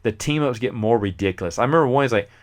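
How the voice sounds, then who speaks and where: A man's voice: medium pitch, very fast. A man hosting a casual movie review show who acts out scenes as he retells them. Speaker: movie review podcast host.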